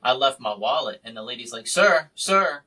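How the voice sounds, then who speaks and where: A man hosting a podcast, chatting casually and telling stories in an animated way. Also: medium pitch, fast talker, breathy edge, distant mic, low-quality recording. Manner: animated storyteller. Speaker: podcast host and magician. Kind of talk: casual interview chat.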